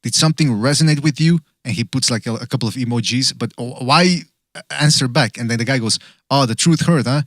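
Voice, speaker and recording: A man's voice: mid-range voice, fairly quick, fairly bright tone, dry recording. A man hosting a casual boxing podcast, swearing freely and reading viewer comments aloud with laughter. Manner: loose, profane, reads comments aloud with laughs. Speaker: podcast host.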